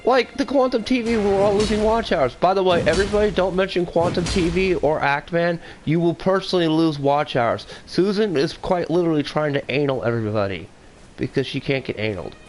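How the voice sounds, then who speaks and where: A man co-hosting a casual podcast chat, talking in a blunt, excitable, profane way. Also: on the high side, a little fast, soft background music.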